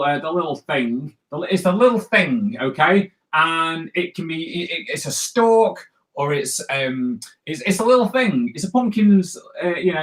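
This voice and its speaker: Casual male cartoonist teaching live, slightly high voice, rambling and full of fillers. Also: fairly bright tone. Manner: rambling, chatty, many fillers and restarts. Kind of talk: casual live drawing tutorial.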